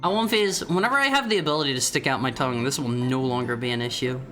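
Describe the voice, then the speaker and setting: Fast, pushed and bright, this medium-pitched VTuber talks casually with his live-stream audience over soft background music. He teases chat playfully and frequently trips over his words, stammering into restarts.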